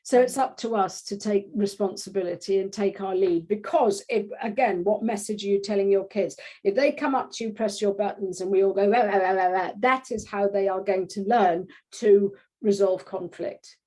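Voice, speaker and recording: A woman parenting coach talking in a casual interview, animated, restarting her sentences often and acting out little quotes. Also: mid-range voice, normal speed, few pauses. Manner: animated, acts out quotes in voices; frequent restarts and filler phrases.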